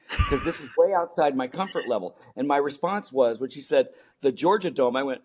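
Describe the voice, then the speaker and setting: An older man from the United States, a performance coach, telling lively stories in an interview and acting out his own reactions. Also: medium pitch, fairly quick. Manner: animated storyteller, acts out his own panicked voice. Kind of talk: storytelling interview talk.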